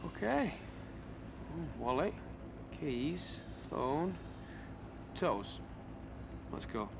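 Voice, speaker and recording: A man's voice: a little high, sing-song, extremely slow, heavily acted. An actor playing a sceptical young man who grumbles as he is talked into going out drinking. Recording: game audio with clear background noise.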